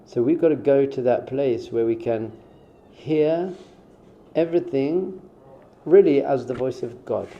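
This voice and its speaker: A man's voice: medium pitch, a little slow. A man who is a rabbi, giving a conversational spiritual talk in an informal way and acting out short quoted exchanges. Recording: dull, muffled sound.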